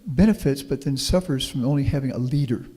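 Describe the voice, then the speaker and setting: Brisk and dark-toned with a breathy edge, this medium-pitched voice belongs to a middle-aged Houston, Texas native. He's a professor appearing as a guest speaker, delivering an anecdotal, folksy talk and answering the audience. The recording carries a meeting hall's long reverb.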